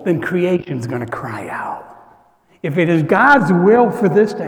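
A pastor preaches in a high voice and a slow, deliberate tempo, shifting between hushed asides and emphatic declarations. His sermon rings through a roomy sanctuary with a long reverberant tail. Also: big pitch swings. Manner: earnest, swings from hushed to emphatic. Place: church sanctuary. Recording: echoey hall, long reverb.

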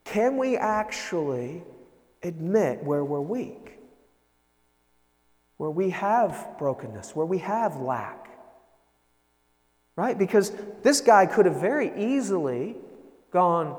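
Guy preaching, super expressive, keeps going "right?", big echoey church sound. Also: high voice, slow pace, long pauses. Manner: animated, conversational preaching, frequent "right?" tags. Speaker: pastor. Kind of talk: sermon.

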